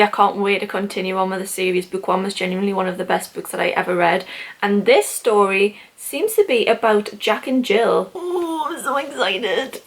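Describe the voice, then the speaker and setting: Young woman, book vlogger, casual chat, excitable, filler-heavy. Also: mid-range voice. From United Kingdom. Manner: gushing and excitable, lots of "like" fillers.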